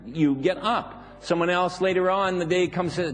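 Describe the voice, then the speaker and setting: A man's voice: high-pitched, moderate pace, hardly any pauses. Man, seminar speaker, playful, laughs a lot, acts out quotes, echo of a big hall. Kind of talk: live motivational seminar talk. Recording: long reverb of a hall.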